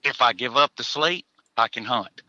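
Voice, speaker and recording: A man's voice: medium pitch, moderate pace, bright, forceful tone, no echo, highs cut off. A man, a hunter chatting as a podcast guest in a folksy, joking way, chuckling between answers. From Tennessee, USA. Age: 40s. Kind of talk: casual podcast interview.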